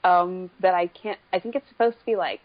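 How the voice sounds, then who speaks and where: A woman co-hosting a casual podcast chat, measured and wry. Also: lowish voice, fairly even intonation, highs cut off. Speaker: podcast co-host.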